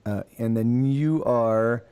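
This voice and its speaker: A man's voice: medium pitch, slow pace, mellow, clean tone. A man working as game master, narrating a tabletop game and rambling with many restarts.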